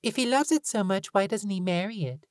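A woman's voice: medium pitch, a little mellow, no echo, clean studio sound, voice pushed up, lightly acted. A woman voicing a nosy, blunt child in a storybook, firing off demanding questions. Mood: teasing. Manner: demanding, rapid-fire questions.

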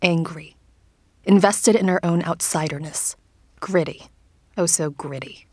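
A man's voice: fairly high pitch, measured pace, slightly rough, no echo, clean studio sound. A woman voicing a sneering, hostile young man at a dance in an audiobook, with a cutting, contemptuous manner. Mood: cold, mocking.

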